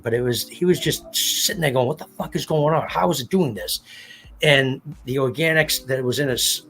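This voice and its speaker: A man hosting a livestream in loose, rambling chat, swearing freely and putting on little voices for the people he quotes. His voice sits at an ordinary pitch, with faint music playing in the background. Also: a bit bright. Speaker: livestream host. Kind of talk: casual chat.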